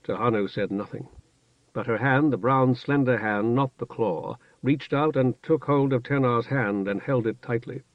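A man narrating a fantasy novel in a measured, even storytelling manner. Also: medium pitch, dry recording. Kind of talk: audiobook narration. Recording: dull, dry studio recording.

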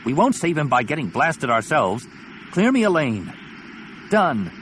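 A man's voice: a little high, very animated, very slow, slight background noise, pitched above the performer's own voice, full character voice. Man doing a growling alien pilot. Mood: urgent, growling. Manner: growling, urgent shouting. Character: gruff male alien pilot under fire.

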